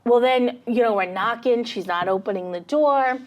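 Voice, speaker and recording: A woman's voice: a little high, moderate pace. A woman, co-hosting a casual podcast and telling a story with animation, acting out what people said. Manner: animated storyteller, acts out quotes. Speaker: podcast co-host, real estate agent.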